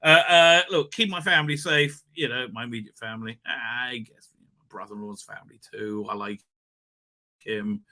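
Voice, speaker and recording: A man hosting a live stream, talking in a rambling, animated way, swearing and laughing often. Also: medium pitch, moderate pace. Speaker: livestream host. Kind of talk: casual live-stream chat.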